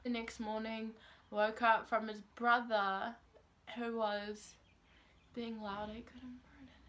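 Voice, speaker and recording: A woman's voice: on the high side, fairly bright tone, a little hiss or hum. A teenage girl from New Zealand with a Kiwi accent, telling a storytime vlog in a chatty way and filling it with "like". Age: teens. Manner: chatty, says "like" constantly, acts out quotes. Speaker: vlogger. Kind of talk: casual storytime.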